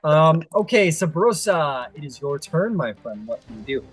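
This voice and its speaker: Animated guy dming a tabletop game, playful and chatty, faint music behind. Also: on the high side, moderate pace, breathy edge. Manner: lively, playful, chatty narration. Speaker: game master.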